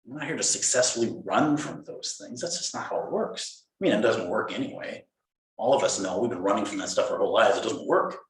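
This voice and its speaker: A man giving a dharma talk as a Zen teacher, playful and animated, acting out inner voices. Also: fairly low pitch, fairly quick, a little hiss or hum. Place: meditation hall. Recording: roomy hall echo.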